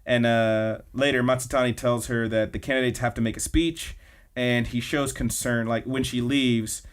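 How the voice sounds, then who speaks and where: A man's voice: medium pitch, steady tone, moderate pace, clear, resonant tone. Male podcast co-host, loose and chatty, lots of "like" and "uh". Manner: rambling, filler-heavy retelling. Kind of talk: casual anime recap chat.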